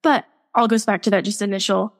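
A woman's voice: medium pitch, fairly even intonation, fairly quick. Candid, giggly young woman guest. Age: young adult. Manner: candid, laughs often, filler-heavy. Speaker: podcast guest. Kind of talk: casual podcast interview.

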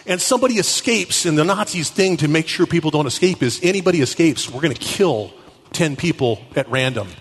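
A man giving an animated storytelling talk at a Catholic conference, acting out the people he quotes. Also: a little high, a little fast, a little hiss or hum. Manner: animated, acts out quotes with shifting voices. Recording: echoey hall.

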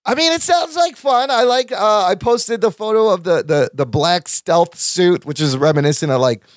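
A man hosting a casual podcast chat, excitable and swearing freely. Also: high-pitched, normal speed, no room sound, studio quality. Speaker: podcast host.

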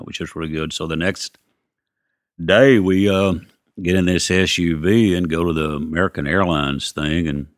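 A man's voice: rumbling low, a bit bright, no echo, studio quality. A male musician telling anecdotes in a casual, rambling way, acting out what people said. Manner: rambling, acts out quotes, lots of "you know". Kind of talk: casual storytelling.

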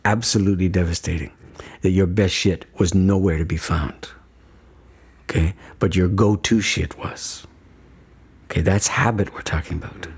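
A man's voice: sits low, steady tone, moderate pace, husky. A man speaking as a guest in an interview, talking earnestly and emphatically, often stopping to check "okay?" with restarts along the way. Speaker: guest speaker on death and dying. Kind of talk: reflective conversational talk.

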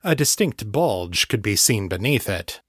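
A man reading a novel aloud as an audiobook narrator, in an even, measured storytelling way. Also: lowish voice, slightly rough, no echo, studio quality.

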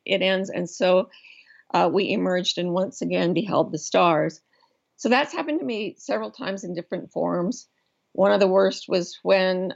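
A woman's voice: lowish voice, vocal fry. A middle-aged woman guest telling a personal story in an interview, thoughtful and earnest, often restarting her sentences. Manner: earnest, thoughtful, with frequent restarts and slow emphasis. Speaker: guest, life coach. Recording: dull lo-fi recording.

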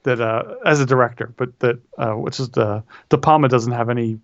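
A man with a middle-pitched voice chats about films, hesitating, restarting, and asking questions as he goes. The recording is dry and dull, with a lo-fi edge. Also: fairly quick, dry recording. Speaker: podcast co-host. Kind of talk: casual film chat.

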